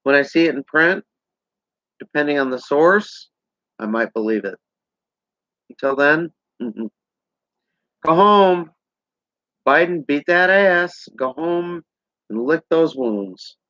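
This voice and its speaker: A man's voice: fairly high pitch, lively intonation, a little slow, pushed and bright, no echo. A man ranting sarcastically to a camera, heated and rambling. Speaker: vlogger. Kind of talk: political rant to camera. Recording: dull lo-fi sound.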